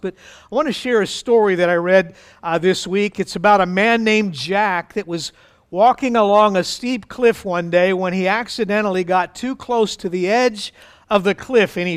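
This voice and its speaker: A man's voice: sits high, smooth. A man pastor leading prayer and preaching a sermon in an emphatic, fervent way.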